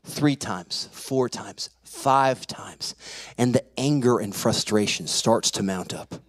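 A man's voice: medium pitch, slow. A man, a pastor, preaching a sermon by telling a personal story and acting out the voices in it. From California. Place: church sanctuary.

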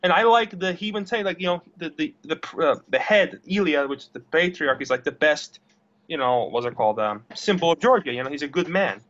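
In a casual interview, a young adult guest rambles bluntly, swearing and repeating his words. His voice is on the high side and a bit bright, with lively intonation and a slightly fast pace, captured on a dull lo-fi recording.

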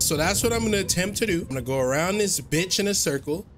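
A man giving casual, excitable gameplay commentary, loud and profane, with plenty of slang. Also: high voice, fast, music in the background. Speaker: gaming YouTuber.

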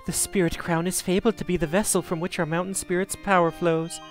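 A man's voice: high-pitched, level tone, brisk, faint music behind, voice pushed up, natural voice. A man voicing gossipy villagers and a churchgoer while reading game dialogue aloud.

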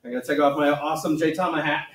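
A man's voice: on the high side, steady tone, racing, fairly bright tone, slight background noise. A male teacher talking casually and jokingly in a classroom video. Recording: roomy echo, mic at a distance.

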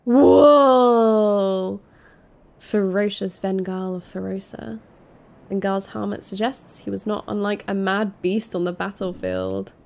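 A woman doing excitable, jumpy commentary while playing a game. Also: mid-range voice, slow, gravelly. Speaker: gaming streamer. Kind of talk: let's play commentary.

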